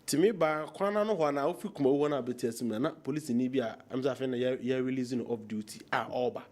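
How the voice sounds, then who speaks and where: A man's voice: medium pitch, fast, a little mellow. A Ghanaian man speaking with passion on a political talk show, mixing Twi and English. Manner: impassioned, mixes Twi and English.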